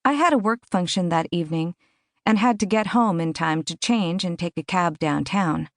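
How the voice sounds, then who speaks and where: A woman reading a thriller audiobook in measured, clear first-person narration. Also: lowish voice, no room sound, studio quality.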